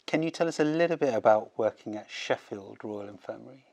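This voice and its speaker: A man who is a doctor hosting an interview, asking measured questions and giving brief affirmations. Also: mid-range voice, expressive, vocal fry, darkish tone.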